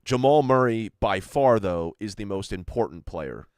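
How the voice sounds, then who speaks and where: A man's voice: on the low side, lively intonation, normal speed, darkish tone, smooth, no room sound, clean studio sound. A man co-hosting a sports podcast, laying out an argument point by point in casual chat. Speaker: podcast co-host.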